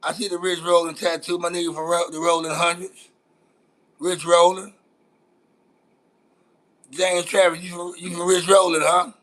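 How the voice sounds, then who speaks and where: A man's voice: sits high, level tone, moderate pace, pauses often, a bit bright. A man with a Los Angeles accent hosting a casual live-stream chat, teasing his viewers in brash, profane banter. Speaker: host.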